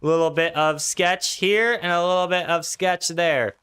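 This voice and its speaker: A man's voice: fairly high pitch, fairly even intonation, normal speed, a bit bright, clean tone. A young man streaming a video game, chatting casually in a laid-back, slangy way and answering his chat as he plays. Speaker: gaming streamer. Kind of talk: casual live-stream commentary.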